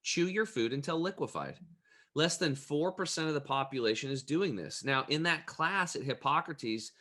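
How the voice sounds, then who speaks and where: A man speaking as an interview guest, an energetic, emphatic and plain-spoken storyteller. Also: fairly high pitch, moderate pace.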